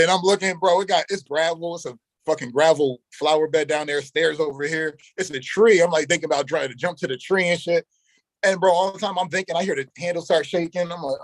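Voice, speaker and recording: Young guy telling a crazy story all animated, bit of a higher voice, dry close sound. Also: fairly quick, no echo, low-quality recording. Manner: animated, profane street slang, acts out quoted dialogue. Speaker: interview guest. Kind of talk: casual storytelling.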